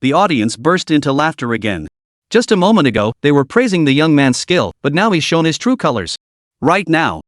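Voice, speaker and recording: Brief: male recap narrator, brisk storytelling, somewhat high, very lively pitch. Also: dry recording, studio quality. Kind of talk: web comic recap narration.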